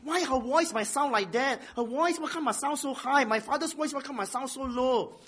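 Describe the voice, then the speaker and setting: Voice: sits high, normal speed, a bit bright, husky. A preacher giving a sermon, posing rhetorical questions and repeating phrases for emphasis.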